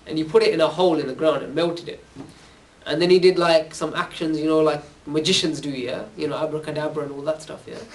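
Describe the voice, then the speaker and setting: A man with a high voice gives an informal religious talk to youth, recorded from a distance. He tells the stories in a loose, conversational way and keeps checking in with "yeah?" after nearly every phrase. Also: fairly even intonation, quick pace. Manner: casual, conversational storytelling. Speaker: religious speaker. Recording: distant from the mic.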